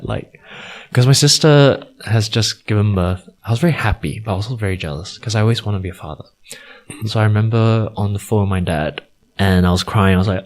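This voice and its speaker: A man's voice: lowish voice, fairly quick, darkish tone. A man, a podcast guest candidly telling personal stories in an intimate chat. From Singapore. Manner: candid, storytelling, quoting others with raised voice.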